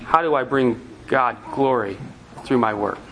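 A man's voice: mid-range voice, a little slow, sharp tone, slight background noise. A man preaching a sermon as pastor, asking the congregation earnest rhetorical questions.

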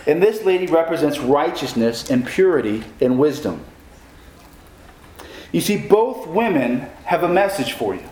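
A man's voice: a little high, very animated, a little slow, darkish tone, reverberant, poor audio. A man preaching a sermon as pastor, putting questions to the congregation.

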